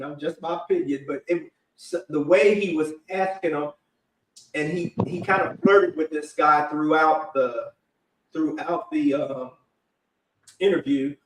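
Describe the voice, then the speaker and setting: A man hosts a live online panel, speaking loosely and conversationally with lots of fillers. His voice sits a bit high for a man. He is set back from the mic in an echoey room. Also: recorded from a distance. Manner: rambling, conversational, many fillers. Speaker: panel host. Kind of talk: casual live panel discussion.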